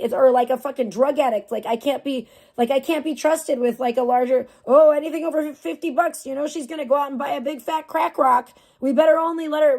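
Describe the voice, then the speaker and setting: A woman with a fairly high voice rants casually to her livestream chat. She swears constantly and sounds fed up. Between complaints she thanks her viewers directly. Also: mellow. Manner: profane, heated ranting with frequent swearing; talks straight to viewers and thanks donors.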